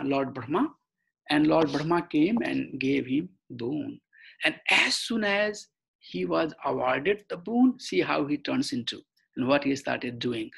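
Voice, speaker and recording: Husky-voiced man teaching scripture online. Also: a little high, a bit bright, poor audio. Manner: halting, many fillers and restarts. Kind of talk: online scripture class lecture. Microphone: computer mic on a video call.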